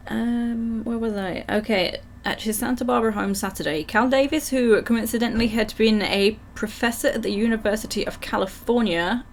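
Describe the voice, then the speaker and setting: Croaky woman streamer, slow relaxed delivery, chatty and giggly, faint background noise. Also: on the high side. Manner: chatty, giggly, reads chat aloud. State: croaky throat. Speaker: livestream gamer. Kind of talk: casual live gameplay chat, reading game text aloud.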